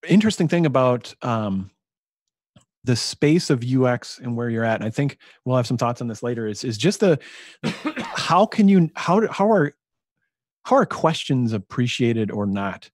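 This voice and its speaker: A man's voice: mid-range voice, lively intonation, moderate pace, no echo, clean studio sound. A man co-hosting a podcast in casual chat, thinking aloud and getting enthusiastic about ideas. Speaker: podcast co-host.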